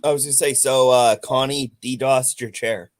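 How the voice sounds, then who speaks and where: A man's voice: medium pitch, steady tone, normal speed. A man on a livestream panel, asking blunt, pointed questions and joking around. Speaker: panel guest. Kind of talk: casual livestream chat.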